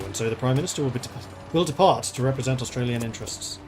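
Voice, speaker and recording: A man's voice: mid-range voice, fast talker, darkish tone, slight background noise. A man streaming a strategy game, thinking aloud in a chatty, playful way as he plays. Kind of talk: casual gameplay commentary.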